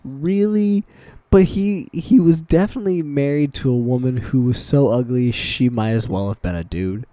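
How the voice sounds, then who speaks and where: At normal speed and with few pauses, a mid-range male voice recounts work stories on a podcast he co-hosts. The chat is loose and full of swearing as he animatedly quotes and acts out other people. There's no echo on the recording.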